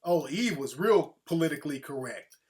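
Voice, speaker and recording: Animated high-voiced male host. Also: normal speed. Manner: animated, profane, breaks into mocking impressions. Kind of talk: casual opinion commentary.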